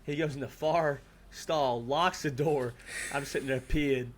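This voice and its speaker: A man's voice: on the high side, fairly even intonation, a little slow, slight background noise. A man co-hosting a podcast, telling a story in a loose, profane way with lots of fillers. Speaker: podcast co-host. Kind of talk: casual chat.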